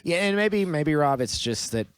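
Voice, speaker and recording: A man's voice: a little high, expressive, normal speed, smooth, no echo, studio quality. A man co-hosting a podcast, chatting casually and chiming in with short agreements. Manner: brief agreeing interjections. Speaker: podcast co-host. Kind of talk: casual chat.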